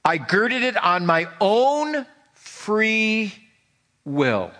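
A man's voice: sits high, big pitch swings, drawn-out words, bright, forceful tone, pitched above the performer's own voice, exaggerated voice. A man reading aloud the lines of a tormented old male ghost in chains, declaiming with anguish.

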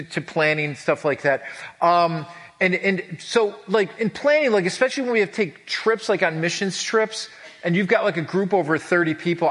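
A man's voice: on the high side, fairly bright tone. A male pastor preaching a casual, conversational sermon, chatty and full of restarts and acted-out asides. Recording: long hall reverb.

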